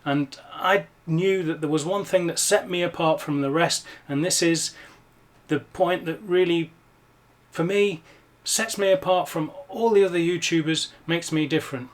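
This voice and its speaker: A middle-aged Englishman talks to camera in a scripted vlog. His delivery is wry and self-mocking. His voice sits a little higher than most men's. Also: moderate pace. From England. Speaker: YouTuber.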